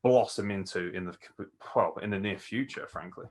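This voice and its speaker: A man's voice: fairly low pitch, normal speed. A man hosting a podcast interview, chatty and enthusiastic, swearing casually. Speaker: podcast host.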